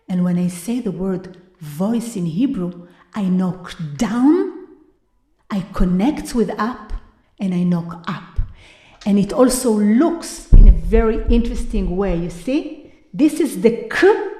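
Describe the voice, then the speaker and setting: A woman giving a live lecture-performance, moving between hushed whispers and loud, drawn-out vocal sounds she repeats for effect. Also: mid-range voice, animated. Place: university hall, live before an audience. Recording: echoey live room.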